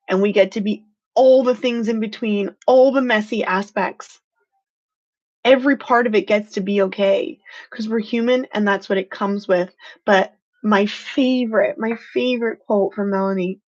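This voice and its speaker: A woman's voice: medium pitch, muffled recording. A woman hosting a motivational live stream, speaking earnestly and with feeling, stressing points with "freaking". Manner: earnest, heartfelt and emotional, says "freaking" for emphasis.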